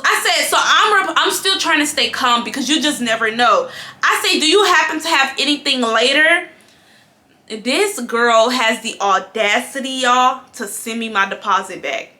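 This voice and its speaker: A young woman telling a casual storytime to her viewers, animated and talking to them as y'all. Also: high voice, reverberant. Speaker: vlogger.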